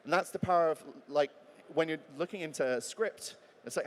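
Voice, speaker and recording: A man's voice: a little high, fairly quick. A man giving a live talk as a voice actor, chatty and joking, acting out example readings. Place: large talk venue. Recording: long hall reverb.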